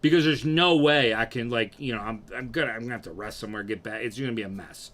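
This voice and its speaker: A young man casually telling a profane, animated story about himself and acting out what people said. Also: mid-range voice, fast talker. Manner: animated, profane, acts out quotes.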